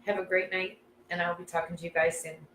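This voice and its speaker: A woman's voice: on the low side, level tone, fairly quick, fairly bright tone, echoey room, a little hiss or hum, rough recording. A woman hosting a casual live class, effusive and gushing, laughing often. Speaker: intuitive class host.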